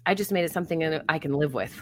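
A woman with a slightly low voice talks through grief support in a thoughtful, earnest interview. Her tone is considered and sincere, and a soft laugh slips in at times. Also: racing. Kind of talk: reflective conversational interview.

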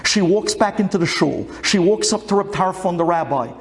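Animated male storyteller. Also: sits high, moderate pace. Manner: animated, dramatic. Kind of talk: oral folk tale telling.

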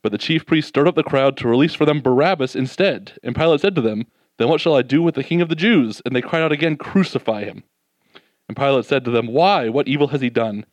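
Male preacher, mid-pitched, lively scripture retelling, dead-dry close recording. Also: dry recording. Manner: animated, voices the disciples' doubts, drops soft and slow for reflection. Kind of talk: sermon.

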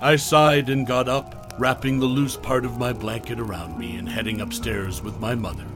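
A man narrating a horror story in a soft, hushed storytelling voice, often trailing off low at the ends of lines. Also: fairly even intonation, normal speed, faint music behind.

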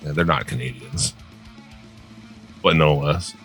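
A man's voice: a bass voice, measured pace, fairly bright tone, soft background music. A man co-hosting a podcast in loose, sarcastic, heavily profane casual chat. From northern United States. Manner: loose, sarcastic, swears a lot. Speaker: podcast co-host.

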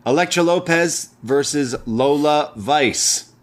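A man's voice: fairly high pitch, slow. A man co-hosting a casual wrestling review, walking through matches move by move with loose fillers. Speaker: wrestling show co-host.

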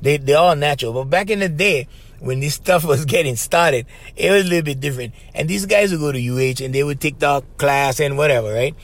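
A man's voice: fairly high pitch, brisk. A middle-aged man from Hawaii with a Hawaiian Pidgin-tinged accent, hosting a casual solo podcast and telling stories loosely, calling the listener bro. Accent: Hawaiian Pidgin-tinged English. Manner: loose storytelling, calls listener bro, asks right?. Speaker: podcast host.

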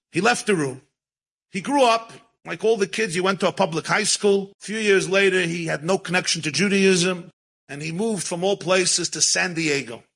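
Animated man telling a story, bright voice. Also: a little high, husky, rough recording. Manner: animated, mixes Yiddish and Hebrew words into English. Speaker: rabbi and storyteller. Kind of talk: storytelling talk.

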